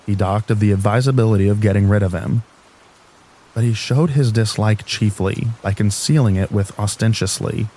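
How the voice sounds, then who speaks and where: A man reads a classic novel aloud in calm, measured narration. His voice sits low, with a dark, mellow timbre. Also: poor audio. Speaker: audiobook narrator.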